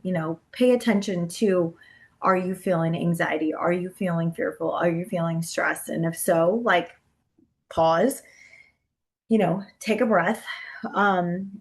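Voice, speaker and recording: Gentle and encouraging, a woman gives a talk on brain health to caregivers in a casual style full of "you know" and "um." Her voice is lowish.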